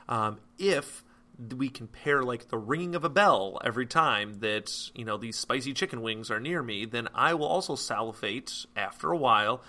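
A man explains a psychology topic in a relaxed classroom style. His voice is bright and forward. He talks loosely, with plenty of fillers and quick self-corrections. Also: medium pitch. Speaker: psychology teacher. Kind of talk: casual explanatory lecture.

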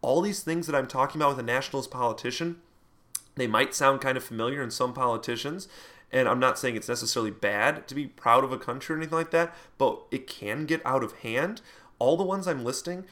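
A man lecturing to a class in a relaxed, conversational manner. He wanders through fillers and side comments as he explains. His voice sits at an ordinary middle pitch. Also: brisk. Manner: puts on mock voices for quoted speech. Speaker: teacher.

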